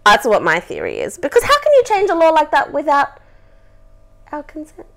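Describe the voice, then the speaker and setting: A woman's voice: high voice, wildly swooping pitch, moderate pace, vocal fry, a bit bright. A woman hosting a casual live podcast, chatty and rambling, laughing a lot. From Australia. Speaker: podcast host. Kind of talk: casual chat, live stream.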